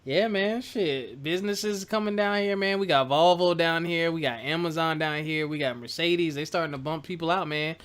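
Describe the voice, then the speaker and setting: Joking guy hosting a podcast, bright voice, a bit high. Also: normal speed, hardly any pauses, clear, resonant tone. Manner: joking, playful banter. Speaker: podcast host. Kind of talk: casual podcast chat.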